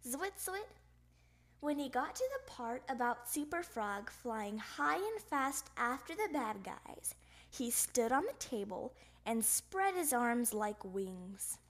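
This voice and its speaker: A woman reading a children's picture book aloud, with playful, expressive sound effects. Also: on the high side, slow. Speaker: storybook reader.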